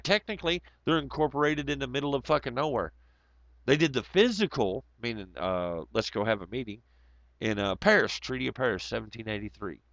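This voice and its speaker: A man's voice: medium pitch, gravelly, a bit bright, no room sound. A man hosting a casual livestream, reading chat comments aloud and rambling in a profane, sarcastic way. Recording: dull lo-fi audio.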